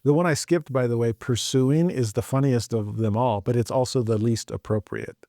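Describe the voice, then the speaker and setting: Warm-voiced man teaching scripture with humor. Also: medium pitch, normal speed, no echo, clean studio sound. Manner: humorous, animated, slips into joking voices. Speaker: scripture teacher and podcast host. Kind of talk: casual scripture commentary.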